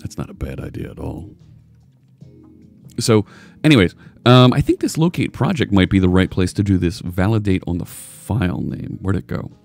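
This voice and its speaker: A man's voice: low voice, expressive, normal speed, creaky, darkish tone, soft background music. A man hosting a casual live coding stream, chatting loosely and joking with viewers as he works. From United States. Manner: rambling, chatty, jokey.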